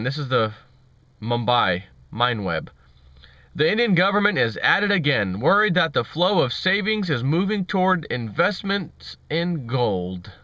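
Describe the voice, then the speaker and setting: A man's voice: medium pitch, pushed and bright, no echo, highs cut off. A man ranting sarcastically in a commentary vlog, mocking officials. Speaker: vlogger.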